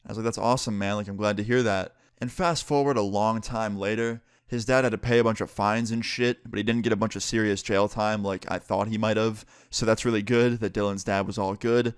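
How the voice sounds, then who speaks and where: A man's voice: on the low side, brisk, few pauses, smooth, no room sound, studio quality. A young man from New York state telling a personal story casually, acting out quoted dialogue and leaning on "like" a lot. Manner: animated retelling with lots of "like" and quoted dialogue.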